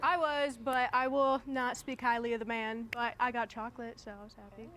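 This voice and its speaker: A woman's voice: on the high side, little pitch movement, a little fast, fairly bright tone, a little hiss or hum. A young woman on a reality game show, talking in a hesitant, playful way. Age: young adult.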